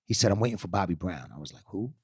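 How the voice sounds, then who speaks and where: Man, middle-aged, casual storytelling, lively swooping pitch, mimics voices, laughs a lot. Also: racing, husky, no echo, clean studio sound. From New York. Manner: animated, acts out quoted voices, laughs often. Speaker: guest storyteller.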